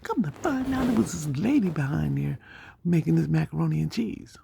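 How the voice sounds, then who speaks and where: A woman casually telling a story, animated, acting out the people she quotes. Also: sits low, brisk, vocal fry, noisy background. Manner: animated, acts out quoted dialogue.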